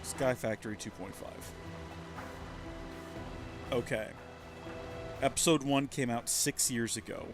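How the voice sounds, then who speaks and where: Man, thirties, casual let's-play chatter, self-mocking, mid pitch, faint music. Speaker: streamer.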